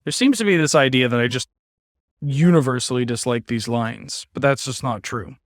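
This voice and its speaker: A man's voice: mid-range voice, normal speed, dry recording, studio quality. A man streaming a card game, giving casual commentary with wry, sarcastic asides.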